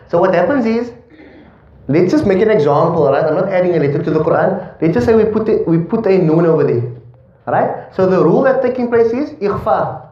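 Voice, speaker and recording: Male recitation teacher, higher voice with a mellow tone, keeps checking in with the class, dull echoey room recording. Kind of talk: classroom tajweed lesson.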